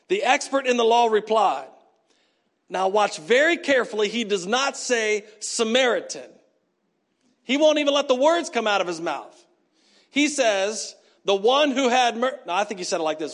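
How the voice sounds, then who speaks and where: High-voiced pastor preaching animatedly. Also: male voice, normal speed. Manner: animated storytelling, acts out characters. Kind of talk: sermon.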